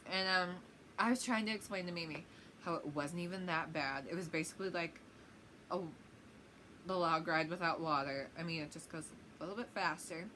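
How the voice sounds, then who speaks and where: A young woman with a slightly low voice tells a rambling story-time vlog, full of "um"s, "like"s and little giggles. A faint hiss sits under the recording. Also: fairly quick, pushed and bright, low-quality recording. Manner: rambling, giggly, lots of fillers. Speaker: vlogger.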